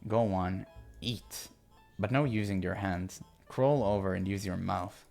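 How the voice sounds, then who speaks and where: Sneering cruel young woman captor, as a man puts her on, low-pitched, taunting, visual novel read-aloud. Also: measured pace, creaky, darkish tone, soft background music.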